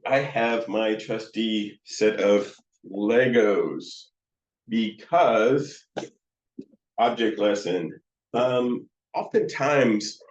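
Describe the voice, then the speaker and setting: A man teaching counseling students, talking in a slow, halting way with many fillers and restarts. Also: fairly low pitch. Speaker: counseling supervisor. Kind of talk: teaching lecture with demonstrations. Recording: roomy, dull lo-fi sound.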